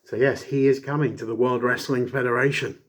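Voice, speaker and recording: A man's voice: mid-range voice, steady tone, a little fast. A man casually reviewing an old wrestling show, rambling with many fillers and jokey asides. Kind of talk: casual chat.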